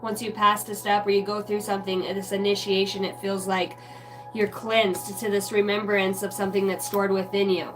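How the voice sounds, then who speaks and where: A woman reading tarot cards on a live stream in a chatty, casual way, greeting viewers by name and clearing her throat now and then. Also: medium pitch, level tone, normal speed. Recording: distant mic with music playing behind.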